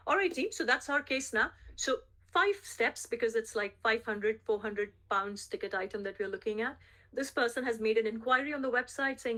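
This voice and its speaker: A woman leads a sales team through a coaching call in a voice pitched a touch high. She speaks emphatically, hammers her key points home by repeating them, and keeps asking the team whether they are following. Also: normal speed, pushed and bright. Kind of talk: coaching session on a group call.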